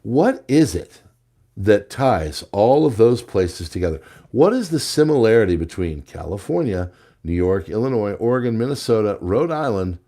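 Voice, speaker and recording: Man, low mellow voice, sarcastic news commentary, jokey asides. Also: sing-song, normal speed. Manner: sarcastic, jokey asides between read headlines. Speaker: host.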